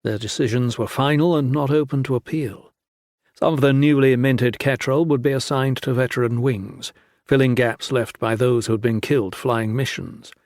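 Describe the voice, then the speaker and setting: Steady male audiobook narrator. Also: medium pitch, no room sound, clean studio sound. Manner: steady, measured storytelling.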